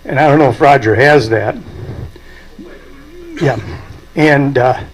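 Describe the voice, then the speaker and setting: A man's voice: mid-range voice, slow pace, poor audio. An older man, speaking at a memorial and telling folksy anecdotes with chuckles. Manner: folksy storytelling, chuckling at his own stories. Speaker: aviation club president giving a eulogy.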